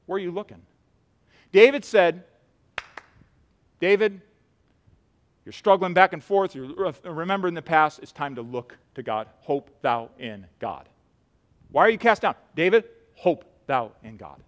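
A man's voice: medium pitch, moderate pace. Impassioned man preaching a sermon. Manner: impassioned, swings from loud pleading to quiet earnest talk. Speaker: pastor. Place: church sanctuary.

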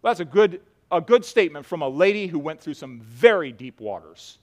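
Male pastor, sermon delivery, pitch a little high, passionate, loud pleas dropping to quiet earnestness. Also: big pitch swings, moderate pace. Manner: impassioned, swings from loud pleading to quiet earnest talk. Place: church sanctuary.

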